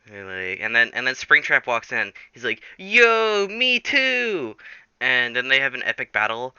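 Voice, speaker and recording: A man's voice: medium pitch, a little fast, bright, forceful tone, smooth, dry recording, highs cut off. A man casually telling a rambling story, full of fillers and restarts, acting out the characters. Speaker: storyteller, channel host.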